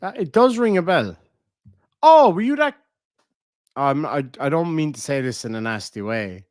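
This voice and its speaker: A man's voice: mid-range voice, sing-song, brisk, no room sound, clean studio sound. An Irishman with a Cork accent, chatting casually on a livestream and reading out viewers' messages, swearing freely as he talks. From Ireland. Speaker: livestream host.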